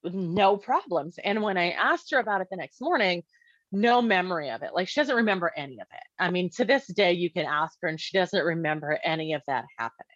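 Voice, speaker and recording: A woman with a lowish, expressive, fairly bright voice talks a little fast while telling a casual story from her life as a parent. She fills her speech with "like" and dramatizes quoted dialogue. The audio is dry and a touch muffled.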